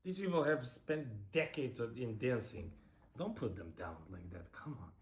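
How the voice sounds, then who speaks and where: A man's voice: medium pitch, sing-song, measured pace. A middle-aged man, a professional ballroom dancer, giving blunt, sarcastic casual commentary while reacting to a dance show.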